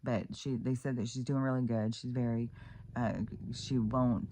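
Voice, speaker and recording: A woman's voice: extremely low pitch, steady tone, moderate pace, mellow, slight background noise. A woman vlogging in a rambling, profane, casual rant, full of fillers and restarts, exclaiming in disbelief.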